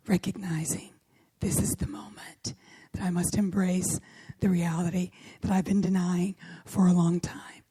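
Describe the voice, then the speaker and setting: Woman minister, middle-aged, hoarse, mellow, breathy, sermon with whispered emphasis. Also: fairly low pitch, flat delivery, unhurried, dry recording. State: hoarse, voice worn. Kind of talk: sermon with opening prayer.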